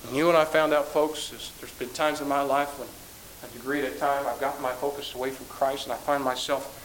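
A man preaching a sermon with passion, repeating phrases, swelling to loud peaks and dropping low. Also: level tone, fairly quick, slight background noise, poor audio.

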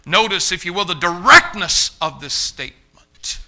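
A man's voice: sits high, normal speed, low-quality recording. Fiery preacher man in his fifties. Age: 50s. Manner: fiery, repetitive emphatic preaching with rising shouts. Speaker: pastor. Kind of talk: sermon. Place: church sanctuary.

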